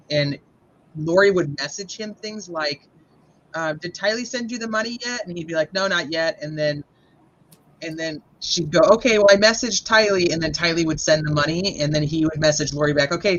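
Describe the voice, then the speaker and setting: A man hosting a podcast, chatting casually and quickly retelling court testimony he wrote down. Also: a little high, fairly bright tone, highs cut off. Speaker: podcast host. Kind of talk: casual chat.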